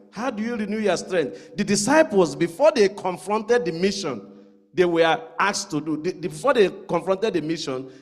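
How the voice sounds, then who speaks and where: A man with a high, ringing voice preaches in a church. His words carry a long reverb that trails off through the sanctuary. He presses the congregation with question after question and repeats key phrases for weight. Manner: rhetorical questions, repeats lines for emphasis. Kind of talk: sermon.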